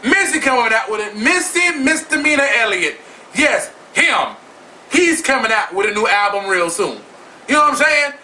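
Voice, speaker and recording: A man's voice: very high voice, very animated, moderate pace, bright, forceful tone, far from the mic, slight background noise, low-quality recording. A man hosting his own video blog, delivering a sassy, flamboyant and profane celebrity gossip rant straight to his viewers. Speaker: vlog host.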